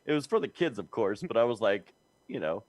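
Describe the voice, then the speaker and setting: A profane, animated man chatting on a home podcast mic, laughing through his stories. His pitch swings widely as he talks. The sound is dry and close. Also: brisk, no echo. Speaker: podcast co-host. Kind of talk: casual chat. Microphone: headphones and mic at home.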